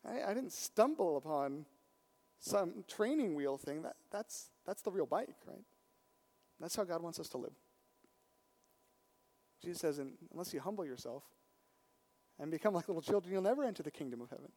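A man preaching a storytelling sermon, his voice swinging from hushed and quiet to loud and emphatic. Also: on the high side, expressive, normal speed, long pauses.

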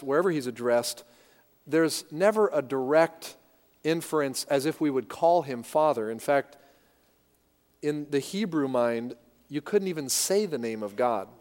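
A man's voice: on the high side, a little mellow. A man preaching a sermon as pastor, emphatic, repeating key words and asking rhetorical questions. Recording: long hall reverb.

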